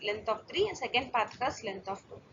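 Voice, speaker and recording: A woman's voice: a little high, sing-song, fairly quick, fairly bright tone. A woman giving a recorded lecture, explaining step by step with occasional fillers and restarts. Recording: dull lo-fi lecture recording with faint hiss.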